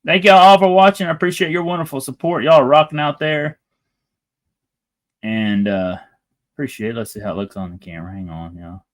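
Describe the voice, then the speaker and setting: In a brisk, medium-pitched voice, a young man runs a relaxed livestream, chatting and wandering from point to point as he addresses viewers.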